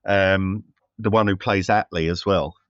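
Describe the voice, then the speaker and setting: A man's voice: low-pitched, steady tone, a little slow, dry recording, dull audio. A man co-hosting a casual film review chat, rambling with many fillers and restarts. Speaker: podcast co-host.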